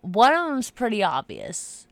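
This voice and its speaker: A woman in her thirties chatting casually as co-host, relaxed and quick to laugh. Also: mid-range voice, vocal fry, dry recording. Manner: relaxed, laughs easily, unhurried. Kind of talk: casual chat.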